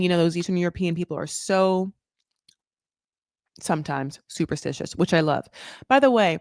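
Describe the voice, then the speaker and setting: A woman hosting a casual recap chat, rambling through tangents and correcting herself, with sudden jumps up in pitch. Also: expressive, moderate pace, dry recording, clean studio sound. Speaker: recap show host.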